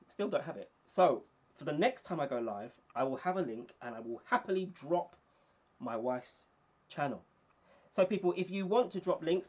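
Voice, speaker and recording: A man hosting his own livestream in a casual, chatty way, reading viewer comments and thanking people by name, indoors under bright lights. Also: fairly high pitch. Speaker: small YouTuber hosting a livestream.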